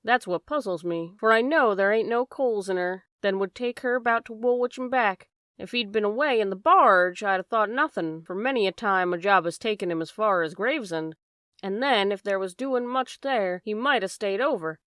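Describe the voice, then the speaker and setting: A woman's voice: mid-range voice, normal speed, a bit bright, smooth, no room sound, studio quality, close to an everyday voice. A woman voicing a worried, chatty working-class boatman's wife in an audiobook reading. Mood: fretful. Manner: chatty, plain-spoken, dropped endings.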